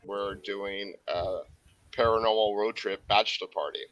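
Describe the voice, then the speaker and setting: A man's voice: on the low side, fairly even intonation, normal speed, a bit bright, muffled recording. A man co-hosting a paranormal radio show in an easygoing, joking way. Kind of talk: casual chat.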